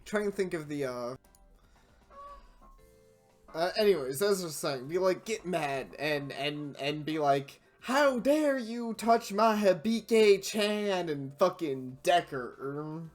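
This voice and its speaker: Slow, low-voiced woman gaming host. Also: soft background music. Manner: swears freely, breaks into loud exclaims and laughter. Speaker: let's play host. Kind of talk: gaming commentary and reading game text aloud.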